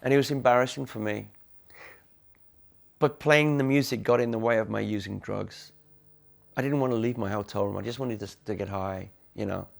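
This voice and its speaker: Gravelly low-voiced man, frank halting interview storytelling. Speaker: interviewee, former band member. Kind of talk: candid reflective storytelling.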